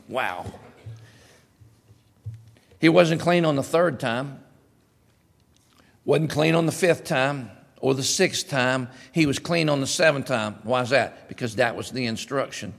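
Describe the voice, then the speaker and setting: A male pastor preaching a sermon in an animated, conversational way, with sudden loud bursts. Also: mid-range voice, measured pace, gravelly, pauses often, in a large hall.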